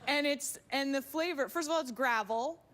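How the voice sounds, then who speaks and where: A woman's voice: sits high, normal speed, noisy background. A woman guest on a late-night talk show, chatting in a playful, giggly way. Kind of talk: casual chat. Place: TV studio with live audience.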